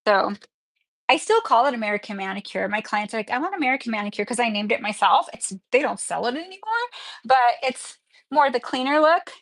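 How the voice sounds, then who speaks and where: A middle-aged woman running a livestreamed nail class, talking cheerfully while she works on a set. Her voice sits a little high for a woman. The sound is dry and close to the mic. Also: animated, normal speed, a bit bright, no echo, low-quality recording. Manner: chatty, upbeat, talks while working. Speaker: nail instructor.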